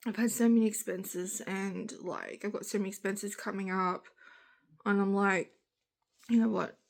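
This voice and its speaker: An Australian woman in a casual, rambling vlog chat, talking on and on in loose run-on sentences. She sounds tired and groggy, with a mid-pitched voice. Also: little pitch movement, normal speed. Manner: rambling, frank, speaks in long run-on sentences. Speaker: vlogger.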